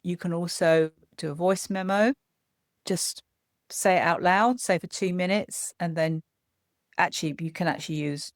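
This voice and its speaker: A woman therapist, gently explaining practical tips in a podcast conversation. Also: on the low side, fairly even intonation, normal speed, no echo, clean studio sound. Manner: gentle, explanatory, frequent "as well". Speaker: psychotherapist guest.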